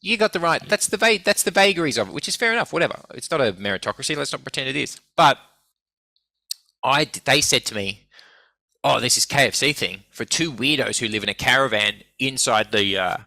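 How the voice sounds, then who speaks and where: A man's voice: medium pitch, fairly quick, creaky, no echo. A man, a guest telling casual stories with lots of swearing and acted-out quotes. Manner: swearing, animated anecdotes acting out quoted voices. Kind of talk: casual storytelling.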